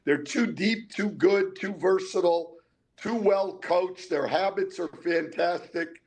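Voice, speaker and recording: Older male basketball analyst with a higher-pitched voice, analytical, stumbles on repeated words. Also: measured pace. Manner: analytical, repeats words when starting a thought. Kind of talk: casual sports talk.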